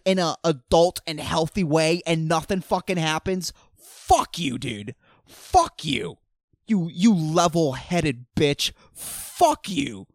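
A young man hosting a solo podcast, ranting with heavy swearing, flipping between loud outbursts and mumbled asides. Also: high-pitched, no echo, studio quality. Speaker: podcast host. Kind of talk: solo comedic rant.

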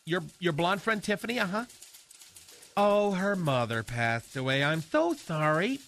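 A man's voice: sits high, very animated, unhurried, a bit bright, exaggerated voice. A man doing a campy, flamboyant gay man. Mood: gossipy. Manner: fussy, theatrical, talks to unseen people. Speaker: comedy sketch character on a radio show. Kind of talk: radio comedy sketch.

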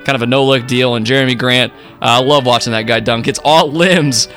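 A man's voice: mid-range voice, steady tone, fairly quick, a bit bright, faint music behind. A man co-hosting a sports podcast, talking casually about basketball with loose, rambling phrasing and fillers.

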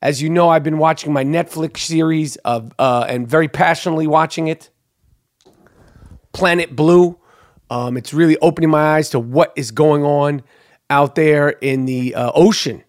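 Male host, slightly high-pitched, crude and sarcastic, ranting through weird news. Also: moderate pace. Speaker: show host. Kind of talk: profane comedic news rant.

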